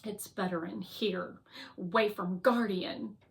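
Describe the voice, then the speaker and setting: A woman voicing a small, chatty, excitable drone that talks loudly and eagerly in bursts. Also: medium pitch, slow pace, creaky. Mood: eager chatter.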